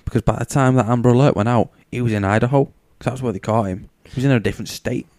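A man co-hosting a podcast, mostly agreeing briefly and offering measured counterpoints. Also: mid-range voice, a little mellow, dry recording, clean studio sound. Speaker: podcast co-host. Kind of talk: casual podcast chat.

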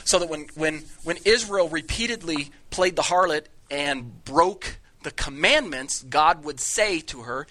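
Male Bible teacher, lecturing a live class, conversational and jokey, bright tone. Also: on the high side, animated, a little slow, few pauses. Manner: conversational, jokey, with many restarts.

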